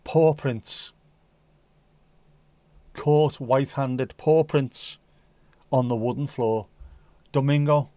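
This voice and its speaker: A man's voice: mid-range voice, takes it slowly, long pauses, mellow, no room sound. A man hosting a casual livestream who reads viewer comments in a jokey, rambling, playful way. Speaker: livestream host.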